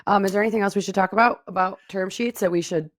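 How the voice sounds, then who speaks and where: A woman's voice: mid-range voice, fairly even intonation, rapid-fire. A woman co-hosting a casual podcast, teasing and playful as she steers the talk. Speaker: podcast co-host.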